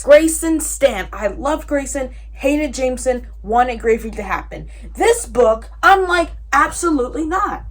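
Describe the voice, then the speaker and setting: A woman reacting to a book in a casual reading vlog, animated and exasperated, swinging between loud outbursts and tired mumbling. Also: high voice, a little slow, hardly any pauses, faint music behind. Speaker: book vlogger.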